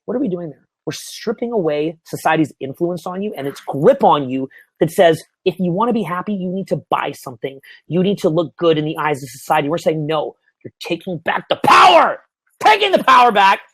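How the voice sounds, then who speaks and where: Loose animated dude in his 30s coaching guys to camera, swears a lot, laughs, dry close mic. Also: on the high side, brisk, breathy edge, dry recording. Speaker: dating coach. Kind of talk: casual coaching talk to camera. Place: small indoor room, seated.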